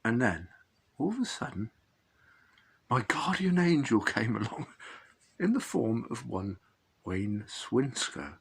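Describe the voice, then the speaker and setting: A man's voice: on the low side, lively intonation, a little slow, gravelly, long pauses, husky. A middle-aged man, rambling and chuckling as he recounts an old fishing match, often correcting himself mid-sentence. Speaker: fishing channel host. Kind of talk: casual anecdotal storytelling.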